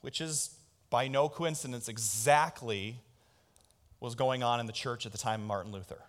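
A man's voice: medium pitch, moderate pace. A man pastor preaching a sermon in a church, calling on the congregation to answer back. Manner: call-and-response preaching. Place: church sanctuary. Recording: long reverb in a church hall.

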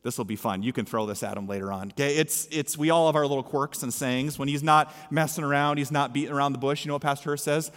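A man's voice: medium pitch, quick pace, few pauses, a bit bright. A male pastor giving a sermon in a church, preaching with emphasis and repeating his key lines. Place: church sanctuary. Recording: echoey hall with long reverb.

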